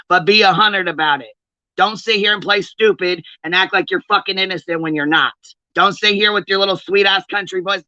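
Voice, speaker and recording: A woman's voice: fairly low pitch, a little fast, bright, forceful tone, no room sound. A woman hosting a livestream, calling someone out in a heated, profane, confrontational rant. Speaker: livestream host. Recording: dull, lo-fi stream audio.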